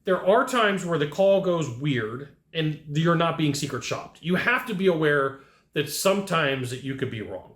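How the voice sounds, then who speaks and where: A man's voice: on the high side, a bit bright. A man coaching salespeople in a blunt, punchy way, speaking straight to his audience and acting out customers' lines. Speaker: sales trainer. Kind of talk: direct-to-camera sales coaching. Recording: echoey room.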